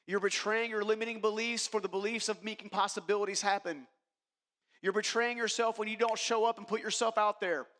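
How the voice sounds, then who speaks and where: A man with a notably high voice delivers a motivational keynote, telling his own story with emphasis and calling out to the audience. His words ring through a large hall with a long, trailing reverb. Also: steady tone, a little fast, fairly bright tone. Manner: emphatic, addresses the audience directly. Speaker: keynote speaker.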